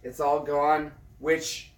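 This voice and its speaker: A man's voice: on the high side, level tone, drawn-out words. A man hosting a late-night live stream from home, chatting casually and talking straight to his viewers. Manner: chatty, addresses viewers directly. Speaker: livestream host. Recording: roomy echo, away from mic.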